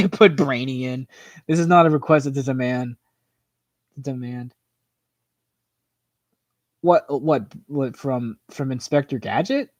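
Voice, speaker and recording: A man hosting a livestream in a casual, rambling chat, filling his talk with "like" and "you know" as his voice tires and goes hoarse. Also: medium pitch, darkish tone, dry recording. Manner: rambling, full of "like" and "you know", quick laughs. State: voice tiring and hoarse. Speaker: livestream host. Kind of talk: casual chat reacting to viewer comments.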